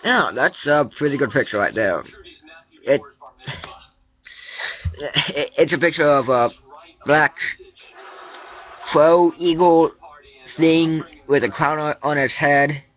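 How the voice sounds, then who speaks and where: A man's voice: on the high side, measured pace, long pauses, dull audio. A man casually reading a forum roleplay aloud, with rambling asides and frequent stumbles. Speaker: roleplay reader and channel host.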